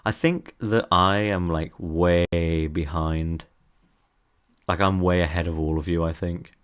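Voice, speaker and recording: A man's voice: low-pitched, steady tone, unhurried. A young man streaming from his desk, teasing his chat in a playful, casual way.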